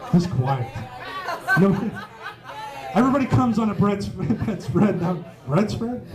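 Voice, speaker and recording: A man's voice: high-pitched, darkish tone. A man doing a stand-up set on a pub stage, swearing freely and chuckling at his own jokes. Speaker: stand-up comedian. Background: faint live audience.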